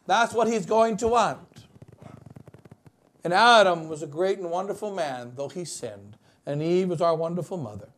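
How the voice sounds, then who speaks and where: A bishop preaching a wedding sermon, swinging between loud emphatic lines and quiet asides. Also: male voice, sits high.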